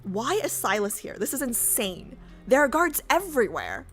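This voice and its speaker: A woman's voice: a little high, very animated, normal speed, faint music behind. A woman streaming herself reading a game story aloud. She reacts in brash, profane, indignant outbursts.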